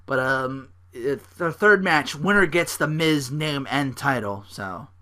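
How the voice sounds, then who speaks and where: Rambling, bright-voiced young man recapping wrestling. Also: medium pitch, slow pace. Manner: rambling, swears, acts out wrestlers' lines with loud bursts. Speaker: podcast host.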